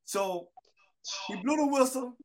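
A man's voice: very high-pitched, slow pace, slight background noise. A man in his sixties telling stories about his youth in casual conversation with old friends. He acts out the quotes. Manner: animated storyteller, acts out quotes. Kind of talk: storytelling reunion chat.

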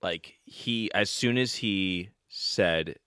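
Man, parenting expert, measured explainer; very low voice, dry close mic. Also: bright, forceful tone, clean tone, no room sound. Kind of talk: casual podcast chat.

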